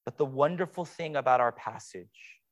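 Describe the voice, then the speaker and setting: A young man preaching a sermon as pastor, swinging between hushed, quiet passages and playful mock-excited sarcasm. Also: mid-range voice, normal speed.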